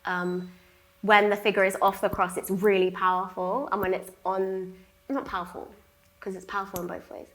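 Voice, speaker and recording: A woman's voice: mid-range voice, little pitch movement, normal speed. A young woman speaking as an artist in a public gallery conversation, chatty, with many fillers and frequent laughs. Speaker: artist discussing her exhibition. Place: gallery talk before an audience.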